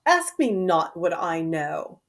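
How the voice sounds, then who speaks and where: A woman voicing a haughty queen, scornful, imperious, unhurried. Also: on the low side, sing-song, slight background noise, voice pushed down, heavily acted. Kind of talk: dramatic reading of verse.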